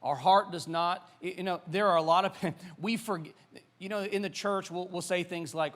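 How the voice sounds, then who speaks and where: A man's voice: high-pitched, steady tone, normal speed, fairly bright tone. A man in his forties with a Southern American accent, a pastor preaching a sermon in a loose, conversational way full of fillers and restarts.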